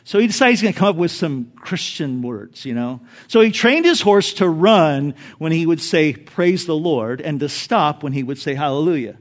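List: man, pastor, sermon, animated delivery, high voice. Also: normal speed, hardly any pauses. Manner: animated, storytelling with jokes.

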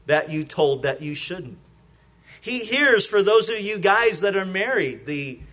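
A man with a high-pitched voice preaches a sermon in an easy, conversational way. He doubles up words as he starts a thought. He slips into little acted-out prayers and everyday exchanges. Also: a bit bright. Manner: acts out prayers and small exchanges in a lighter voice. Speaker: pastor.

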